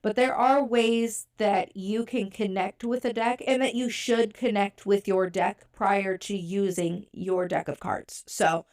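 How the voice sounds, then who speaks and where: A woman's voice: mid-range voice, fairly even intonation, measured pace, hardly any pauses, a little mellow. Lady podcast host with a stuffed-up nose, chatty and easygoing, lots of ums and you knows. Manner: chatty, conversational, many fillers. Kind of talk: casual podcast talk about tarot.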